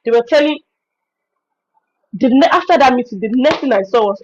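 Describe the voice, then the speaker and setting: Nigerian woman trainer, high and animated voice, informal teaching tone, dull lo-fi stream sound. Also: brisk, long pauses, a little hiss or hum. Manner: animated, expressive storytelling. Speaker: virtual assistant trainer hosting a webinar.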